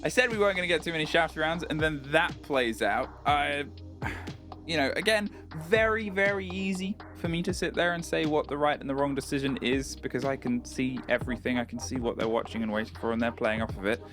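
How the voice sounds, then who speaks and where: A man's voice: fairly high pitch, fairly quick, fairly bright tone, faint music behind. Dry-witted British man breaking down plays. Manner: dry teasing wit. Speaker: esports analyst. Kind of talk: broadcast analysis and banter.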